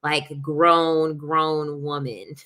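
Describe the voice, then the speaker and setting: A woman's voice: low voice, little pitch movement, drawn-out words, bright, forceful tone. A woman chatting casually to her viewers, emphatic and repeating herself, laughing often. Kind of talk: casual chat to camera.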